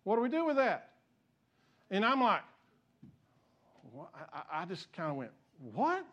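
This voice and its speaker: Man, pastor, church sermon, high-pitched voice, impassioned, repeats himself. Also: big pitch swings, moderate pace, a bit bright, muffled recording. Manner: impassioned, gets fired up and rises in pitch; repeats and restarts phrases. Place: church sanctuary.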